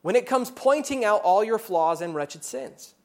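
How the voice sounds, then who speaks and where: A male pastor preaching an earnest sermon, his voice rising loud in accusing passages and dropping low and soft in reflective ones. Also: expressive, measured pace.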